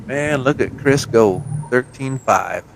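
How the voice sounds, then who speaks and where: A man's voice: medium pitch, slow pace, vocal fry, background noise. Laid-back man laughing through casual chat. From New Mexico. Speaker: host of a CB radio live show. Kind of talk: casual live-stream chat.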